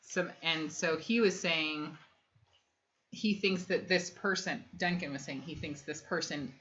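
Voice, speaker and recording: A woman's voice: sits low, a little slow, fairly bright tone. A woman in her thirties co-hosting a casual family livestream, chatty and rambling, reading viewer comments aloud between lots of ums. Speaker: livestream co-host reading chat. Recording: dull lo-fi stream audio.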